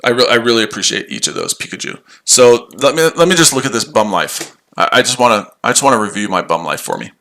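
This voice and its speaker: A man's voice: mid-range voice, lively intonation, fast talker, hardly any pauses, pushed and bright. A tired man hosting a live trading stream, answering chat in a sarcastic, combative way and repeating himself. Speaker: trading livestream host.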